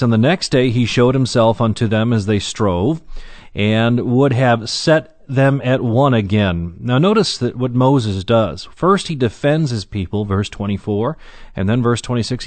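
A man teaching the Bible verse by verse, reading scripture slowly and then explaining it with fillers and restarts. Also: mid-range voice, darkish tone, no echo.

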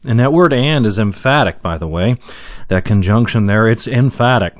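A man teaching the Bible verse by verse in a measured, earnest way, with frequent fillers and slow emphasis on quoted verses. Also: lowish voice, animated, no room sound.

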